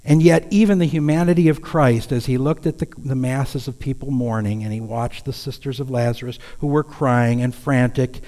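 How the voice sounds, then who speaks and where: This pastor's voice is mellow and medium-pitched, holding a steady tone and moderate pace with hardly any pauses. He delivers his sermon in an earnest, conversational way, with sudden raised calls for emphasis, and the church sanctuary wraps it in long reverb.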